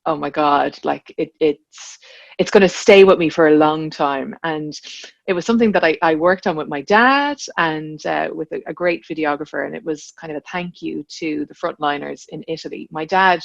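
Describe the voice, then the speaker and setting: A woman's voice: low-pitched, normal speed, creaky, no echo, highs cut off. An Irish woman, an actor, talking as a podcast guest, reflective and searching for her words. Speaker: guest, actor and voiceover artist. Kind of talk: casual interview chat.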